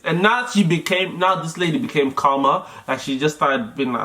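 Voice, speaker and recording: An adult, telling a birth story in casual chat as the birth partner, animated, acting out what others said. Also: mid-range voice, a little fast, few pauses. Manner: animated storyteller, acts out quotes, laughs often.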